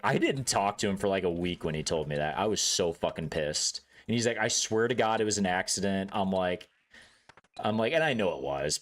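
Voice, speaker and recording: Lowish-voiced young man, rambling and profane. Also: lively intonation, fairly quick. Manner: rambling, profane, laughs often, acts out outbursts. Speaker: streamer. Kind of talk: casual chat while gaming.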